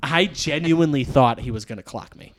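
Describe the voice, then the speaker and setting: A man's voice: a little high, brisk. A man telling a long bar story in casual podcast chat, with a New England accent, restarting often and acting out the dialogue. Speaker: podcast guest.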